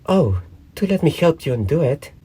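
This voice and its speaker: A man's voice: on the high side, big pitch swings, moderate pace, warm tone, husky, voice pushed up, full character voice. A man putting on an anxious little girl. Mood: anxious, eager. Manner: light and eager, raised voice. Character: polite anxious young girl.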